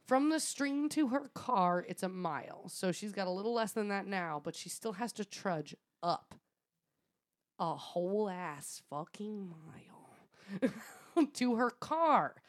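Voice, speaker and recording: A woman's voice: mid-range voice, lively intonation, normal speed, hardly any pauses. A woman co-hosting a podcast, casually retelling a story with frequent laughs and swearing. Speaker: podcast co-host.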